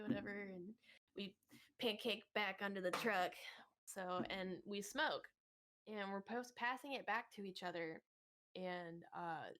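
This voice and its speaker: Podcast co-host, woman, lively storyteller, mid-pitched, casual and expressive. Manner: animated, laughing often, acts out other people's lines.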